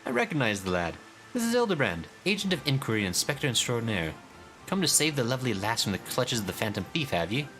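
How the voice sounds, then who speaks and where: A man voicing a folksy, scheming gentleman in a video game, hearty and rustic in manner. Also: medium pitch, sing-song, fast talker, soft background music, pitched above the performer's own voice.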